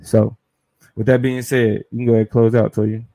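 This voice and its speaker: A man's voice: fairly low pitch, level tone, a little fast, creaky, dark tone. A man co-hosting a podcast, explaining politics in a thoughtful, casual way, often restarting his phrases. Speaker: podcast co-host.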